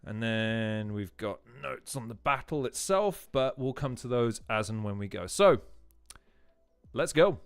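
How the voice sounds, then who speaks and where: A man's voice: mid-range voice, lively intonation, a little slow, smooth, no echo. A man hosting a livestream, chatting and laughing as he reacts to battle rap clips and repeats lines for effect. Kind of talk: casual livestream commentary.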